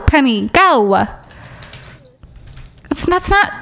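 Young woman, streamer, casual gameplay commentary, chatty, excitable, slightly high voice. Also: unhurried, pauses often. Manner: chatty, excitable, bossing her game characters around.

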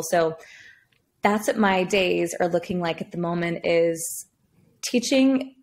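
A woman singing coach talking casually as a podcast guest, chatty and full of "like". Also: on the low side. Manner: chatty, peppers speech with "like".

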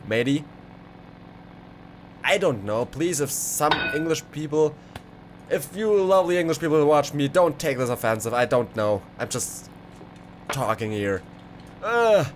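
Excitable gamer man, lively voice. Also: a little high. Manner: excitable, exclaiming, rambling asides. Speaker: gaming video creator. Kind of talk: let's play commentary. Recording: clear background game noise.

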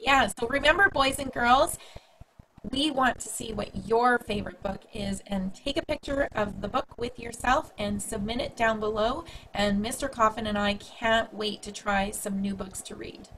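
A woman's voice: on the high side, normal speed, slight background noise, low-quality recording. A woman from a school's staff giving a friendly, upbeat update to young students. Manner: upbeat, speaks warmly to young kids.

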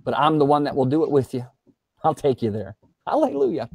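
A man's voice: mid-range voice, a little fast, dry recording, studio quality. A man preaching as a guest pastor, fervent and repetitive, often speaking in the voice of God to his viewers.

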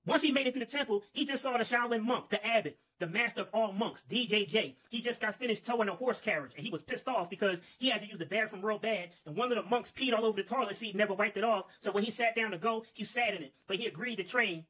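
A man's voice: high voice, quick pace, few pauses, sharp tone, breathy edge. A man telling a comic kung-fu story in a rambling, profane manner.

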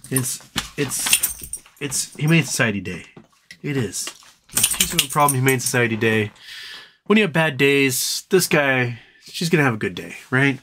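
A man's voice: animated, normal speed, pushed and bright, slight background noise. Chatty man streaming live. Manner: rambling, jokey, talks to his dog in a high baby voice. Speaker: livestream host. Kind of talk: casual live stream chat.

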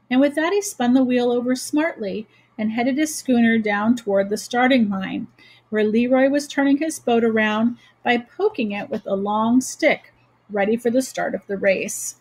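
A woman teacher reading a children's chapter book aloud in a steady, expressive storytelling manner. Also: a little high, moderate pace, poor audio.

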